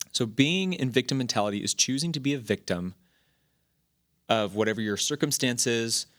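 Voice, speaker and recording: A man in his thirties hosting a podcast, telling personal stories in a casual, rambling way with frequent restarts and fillers. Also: fairly low pitch. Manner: rambling, animated storytelling with many restarts. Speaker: podcast host. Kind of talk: casual talk.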